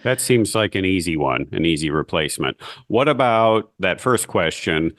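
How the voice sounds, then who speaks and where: Deep-voiced questioning man. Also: lively intonation, moderate pace, a bit bright, dry recording, studio quality. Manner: curious, poses questions and scenarios. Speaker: podcast co-host, band teacher. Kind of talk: advice podcast discussion.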